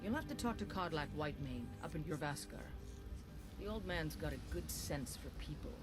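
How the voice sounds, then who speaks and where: A man voicing a gruff male warrior in a video game, speaking plainly and bluntly. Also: a little high, animated, normal speed, over music, close to an everyday voice.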